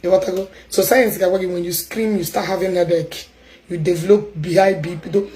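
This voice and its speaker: A Nigerian woman with an Igbo accent chatting loudly and emphatically as a stream host, mixing English and Igbo. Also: fairly low pitch, steady tone, normal speed, rough recording. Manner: loud, emphatic talker.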